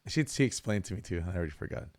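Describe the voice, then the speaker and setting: A man's voice: low-pitched, lively intonation, very fast, a little mellow. A man hosting a music livestream, chatting casually and talking to his viewers in a friendly way. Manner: friendly, chatty, addresses the chat. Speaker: livestream host.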